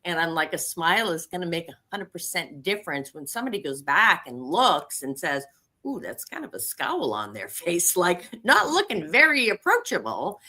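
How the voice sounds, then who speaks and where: A woman's voice: lowish voice, big pitch swings, moderate pace, sharp tone. A woman telling a story in casual conversation, chatty with many fillers.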